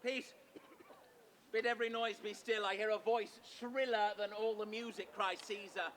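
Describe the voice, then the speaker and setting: A man playing a booming, pompous Caesar. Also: level tone, moderate pace, lightly acted. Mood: regal. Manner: booming, crowd-rousing, grandiose. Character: pompous showboating Roman ruler Caesar, middle-aged man. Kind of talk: open-air comic Shakespeare acting. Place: outdoor stage before an audience. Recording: loud outdoor crowd and noise.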